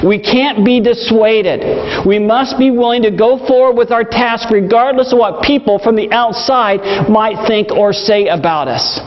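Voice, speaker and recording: A man's voice: high voice, unhurried, a little hiss or hum. A male pastor preaching a sermon, earnest, driving points home with repetition. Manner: earnest, storytelling with emphatic repetition. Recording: dull lo-fi recording with long hall reverb.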